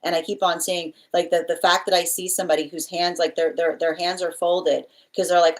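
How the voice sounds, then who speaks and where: A woman's voice: lowish voice, level tone, fairly quick, hardly any pauses. A woman doing a live tarot reading, rambling and repeating phrases as she relays spirit messages. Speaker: tarot reader.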